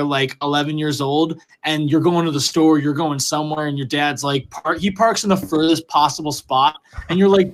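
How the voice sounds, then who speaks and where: A man in his twenties hosting a podcast, chatting casually and telling animated stories full of quoted voices. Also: a little high. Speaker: podcast host.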